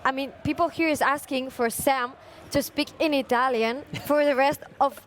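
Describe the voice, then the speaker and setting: A woman's voice: high voice, steady tone, normal speed, crowd noise. A woman chatting on a live football stream and reading out viewer comments. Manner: cheerful, reads viewer comments. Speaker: social media presenter.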